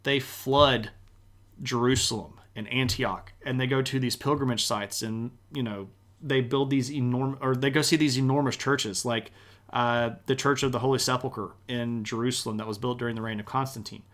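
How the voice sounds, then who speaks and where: A man's voice: mid-range voice, fairly even intonation, moderate pace, fairly bright tone. A man streaming a live history lecture, talking in a casual, enthusiastic way with plenty of slang.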